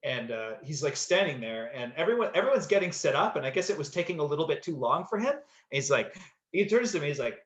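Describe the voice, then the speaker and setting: An actor appearing as a podcast guest tells a story casually and ramblingly, with many fillers and restarts. His fairly high voice is sing-song, quick and a bit bright, heard in a slightly dull, echoey room.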